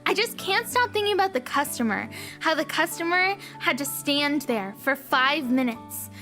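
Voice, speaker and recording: Young woman streamer, very high and bright voice, animated storyteller, soft music under her. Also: normal speed. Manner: giggly, repeats lines for effect. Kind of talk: casual chat stream.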